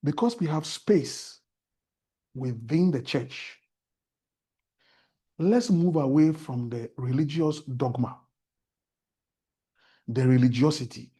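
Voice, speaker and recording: A man's voice: medium pitch, expressive, takes it slowly, pauses often, warm tone, breathy edge. A man with a Ghanaian accent, a guest on a talk show, telling stories and preaching about faith in an earnest, sermon-like way.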